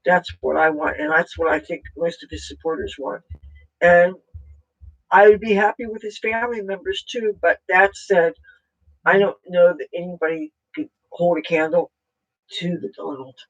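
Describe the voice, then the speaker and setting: A political vlogger talking casually at home in a rambling, halting way with many fillers and restarts. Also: medium pitch, dull audio.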